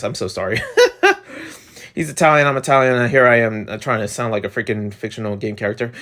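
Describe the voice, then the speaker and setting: A young man reviewing a video game in a rambling, excitable way, full of fillers. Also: fairly low pitch, brisk.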